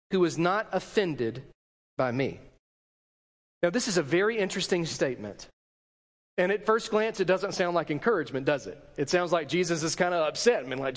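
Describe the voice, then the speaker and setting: A man's voice: high voice, big-room sound. A man preaching a sermon with emphasis, acting out the lines he quotes to his congregation. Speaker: pastor.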